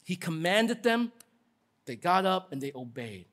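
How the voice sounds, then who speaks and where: A man pastor delivering a sermon in a lively, conversational way, acting out quotes with casual asides. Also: high voice, measured pace.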